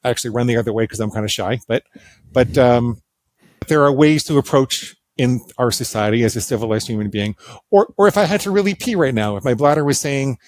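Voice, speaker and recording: A man's voice: medium pitch, a little fast, no room sound. A middle-aged male psychologist, a guest on an interview show, telling stories with self-deprecating humor. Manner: animated, self-deprecating humor, acts out quoted voices. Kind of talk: conversational storytelling interview.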